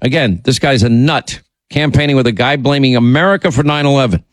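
A man's voice: mid-range voice, brisk, no room sound. A man hosting a political talk show, delivering a combative, sarcastic monologue with frequent restarts and asides. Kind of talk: monologue commentary.

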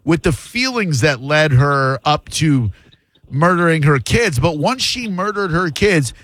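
A man hosting a talk radio show, chatting with callers in a joking, quick-to-laugh way. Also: fairly high pitch, lively intonation, a bit bright, dry recording. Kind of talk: casual on-air phone chat.

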